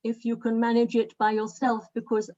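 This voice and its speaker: A woman hosting an online meeting, talking haltingly with many fillers while she sorts out settings on a video call. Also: on the high side, completely flat delivery, mellow, highs cut off. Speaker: event host.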